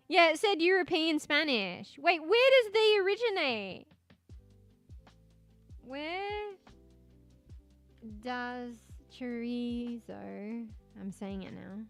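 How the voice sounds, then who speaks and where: A woman's voice: high voice, lively intonation, drawn-out words, long pauses. Giggly swearing streamer woman, music behind. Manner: giggly, swearing, repeats words to test pronunciation. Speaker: streamer chatting with viewers. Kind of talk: casual chat, reading chat and search results aloud. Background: soft background music.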